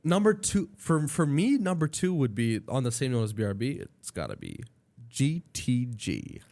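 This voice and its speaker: Man, podcast host, playful and jokey, lively up-and-down voice, casual chat. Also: mid-range voice, a little fast.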